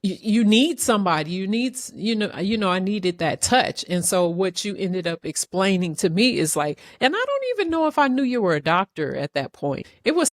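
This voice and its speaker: A woman hosting a podcast, telling a story in an animated, emotional way with many restarts. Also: on the low side, moderate pace, few pauses, no room sound, studio quality. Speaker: podcast host. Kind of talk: casual interview chat.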